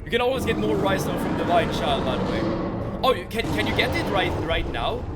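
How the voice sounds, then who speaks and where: A man giving casual commentary while livestreaming a game, excitable and stammering, often restarting his words and swearing now and then. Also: high voice, brisk, background noise. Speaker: gaming livestreamer.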